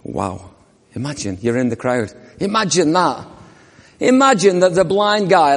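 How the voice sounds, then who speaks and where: A man's voice: a little high, very animated, unhurried, slight background noise. A man preaching a sermon, telling the story vividly and asking the congregation questions. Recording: long reverb of a church hall.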